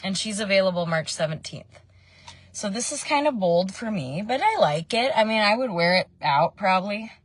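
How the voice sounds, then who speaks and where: A woman's voice: mid-range voice, animated, moderate pace, no echo. A woman in her thirties chatting casually while doing her makeup in a parked car, meandering between tips and family news with frequent ums. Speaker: makeup vlogger. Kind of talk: casual makeup tutorial chat.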